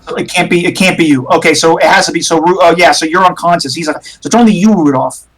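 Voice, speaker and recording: A man's voice: a little high, fast talker, a bit bright, breathy edge, rough recording. A man narrating a tabletop horror game as game master, hesitant, with many fillers.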